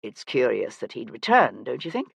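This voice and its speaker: Narrator playing an aristocratic male detective, calm, dryly ironic, lively pitch, dry recording. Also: normal speed, vocal fry, breathy edge, no echo, exaggerated voice. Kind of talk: audiobook character voice.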